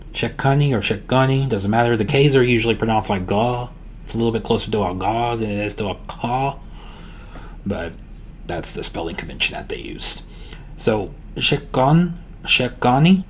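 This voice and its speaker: A man teaching a language lesson in a casual, relaxed way, repeating words slowly and often checking in with the listener. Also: fairly low pitch, slight background noise. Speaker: language tutor.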